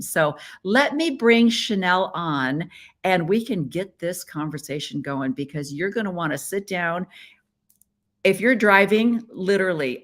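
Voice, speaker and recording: Playful middle-aged woman host from the Midwest, chatty on a webcam live stream, voice sits a bit low. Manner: chatty and playful, with frequent laughs. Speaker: podcast host. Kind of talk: casual live-stream chat.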